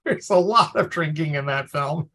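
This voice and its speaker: A man's voice: a little high, animated, a little slow, pushed and bright. A man co-hosting a podcast in casual chat, talking in a chatty way with frequent laughs and many restarts. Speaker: podcast co-host.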